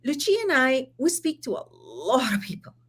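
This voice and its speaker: A woman's voice: high voice, normal speed, slightly rough. A woman with a Spanish accent, co-hosting a casual mentoring discussion, often laughing as she tells stories. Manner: laughs often, animated storytelling. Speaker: mentor and co-host.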